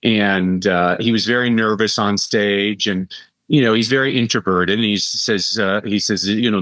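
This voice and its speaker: A middle-aged man, a guest educator and speaker, telling lively stories in a conversational podcast interview. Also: on the low side, no echo. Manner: animated storyteller, quick asides and impressions.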